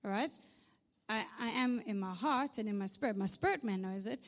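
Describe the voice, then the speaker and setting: A woman's voice: mid-range voice, brisk, big-room sound. A woman preaching a conversational sermon with humorous asides, often checking in with "right?". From South Africa.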